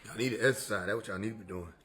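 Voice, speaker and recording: A man's voice: fairly low pitch, racing, noisy background. A man casually chatting on a livestream into a desk microphone, joking, swearing and laughing often. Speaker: streamer.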